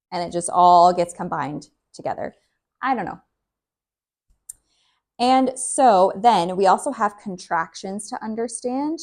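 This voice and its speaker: A woman English teacher who explains slowly and clearly and repeats example phrases for learners. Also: mid-range voice, a little mellow.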